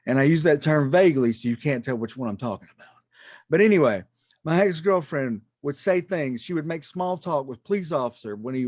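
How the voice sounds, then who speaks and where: A man doing a stand-up comedy set on a club stage, self-deprecating and halting, with many ums and restarts. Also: mid-range voice, a little mellow, no room sound, studio quality.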